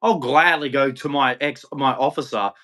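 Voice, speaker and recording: A man's voice: mid-range voice, normal speed, fairly bright tone. A middle-aged Australian man hosting a live stream, taunting viewers in a combative rant full of "dude". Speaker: livestream host.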